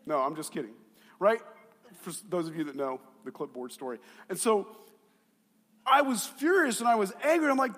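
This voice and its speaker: A middle-aged male pastor preaching a sermon, telling a personal story in an animated way, with quiet asides that build to shouts. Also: sits high, brisk. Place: church sanctuary. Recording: long hall reverb.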